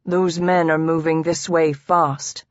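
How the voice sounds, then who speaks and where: A woman voicing a steady, laconic male companion who speaks tersely and calmly. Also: low-pitched, takes it slowly, no room sound, muffled recording. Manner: terse and calm.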